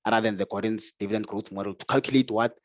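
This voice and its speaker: A finance tutor with a fairly low voice and fairly even intonation lectures at a quick pace, repeatedly asking "right?" and answering his own questions. He stumbles and repeats words when starting phrases, and the recording is dull, lo-fi and dry with no echo.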